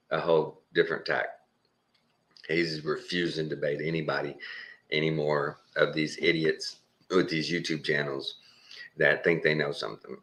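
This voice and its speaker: A man's voice: extremely low pitch, a bit bright. A Texan man talking in a rambling, casual monologue, chuckling and mimicking other people's voices as he goes. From Texas. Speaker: channel host.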